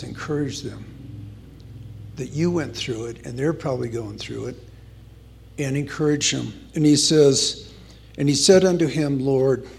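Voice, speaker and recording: A man's voice: medium pitch, vocal fry. A man preaching a conversational sermon, earnestly telling a scripture story and reading verses aloud with emphasis.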